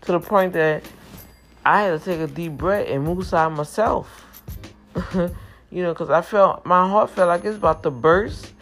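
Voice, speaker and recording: A middle-aged woman speaks straight to her viewers in a personal faith vlog, chatty and emotional. Her voice has a gravelly edge. Praise music plays clearly underneath her. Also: fairly low pitch, a little slow. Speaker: vlogger.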